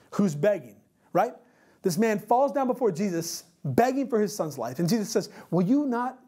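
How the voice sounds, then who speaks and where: A man's voice: high voice, mellow. Earnest preacher man, rhetorical questions. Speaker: pastor. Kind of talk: sermon.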